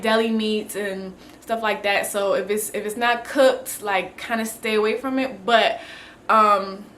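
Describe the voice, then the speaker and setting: A woman's voice: on the high side, fairly bright tone, slight background noise. A young pregnant woman chatting casually in a vlog, rambling with lots of fillers. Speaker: vlogger.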